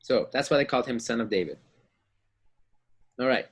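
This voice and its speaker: Male Bible teacher for children, husky, acts out characters. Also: mid-range voice, moderate pace, pauses often. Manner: acts out story voices, asks kids questions.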